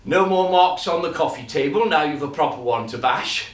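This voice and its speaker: Man doing a quiet weary dad. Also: on the high side, moderate pace, roomy sound, far from the mic, close to an everyday voice. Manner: subdued, mild. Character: quiet, weary working father. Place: live stage show.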